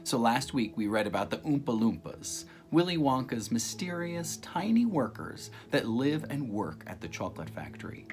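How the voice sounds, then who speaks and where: Gentle man reading a story aloud. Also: normal speed, hardly any pauses, soft background music. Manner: soft, gentle explaining with lively pitch.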